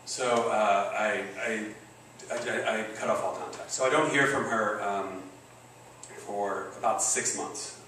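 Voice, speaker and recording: A man's voice: fairly low pitch, fairly even intonation, takes it slowly, bright, forceful tone, a little hiss or hum. Man, forties, stand-up storyteller, profane, rambling, far from the mic, echoey room. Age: 40s. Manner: profane, rambling, self-deprecating. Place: stage in a comedy venue. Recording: roomy, distant live venue recording. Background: audience laughter.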